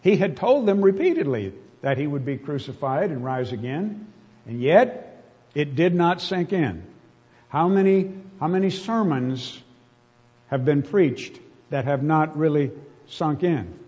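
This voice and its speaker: A man's voice: on the high side, animated, a little slow, a little mellow, slightly rough. A man preaching a sermon, reading scripture aloud with earnest, emotional emphasis. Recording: dull reverberant hall.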